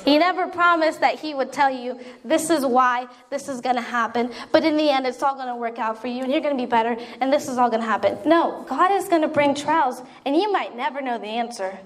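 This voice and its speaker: A young woman delivers a sermon in a high, light voice. She talks earnestly and conversationally, slipping into spoken prayers. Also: brisk, hardly any pauses. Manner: earnest, conversational preaching with repeated appeals and acted prayers. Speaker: preacher.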